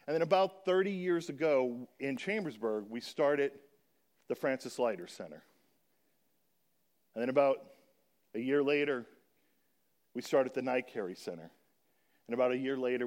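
A man speaking to a church congregation about a children's charity, explaining and slowly reading scripture aloud in an earnest manner. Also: mid-range voice, lively intonation, darkish tone.

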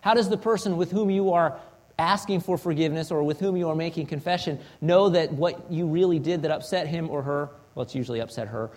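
Earnest higher-voiced preacher man. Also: a little fast, darkish tone. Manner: earnest, rhetorical questions, acts out example confessions. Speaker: pastor. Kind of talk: sermon.

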